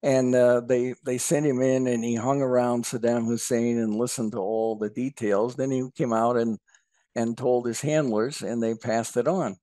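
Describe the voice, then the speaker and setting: Male guest, casual chat, relaxed storyteller, middle pitch, dry close recording. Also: normal speed, no room sound. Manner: easygoing storyteller, telling jokes. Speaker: podcast guest.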